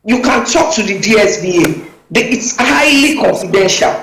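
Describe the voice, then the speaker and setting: A woman's voice: medium pitch, expressive, moderate pace, echoey room, background noise. A woman, a talk show guest speaking emphatically and urgently over a video call.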